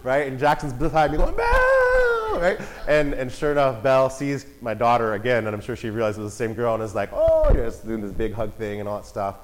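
A father telling a family story in a casual, animated way. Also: medium pitch, fast talker, hardly any pauses, low-quality recording. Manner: animated, acts out voices and shouts in quotes.

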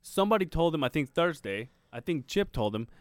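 Animated man telling a story on a podcast. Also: fairly high pitch, a little fast, no echo, clean studio sound. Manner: animated storyteller acting out quoted people, swearing freely. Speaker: podcast co-host. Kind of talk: casual storytelling chat.

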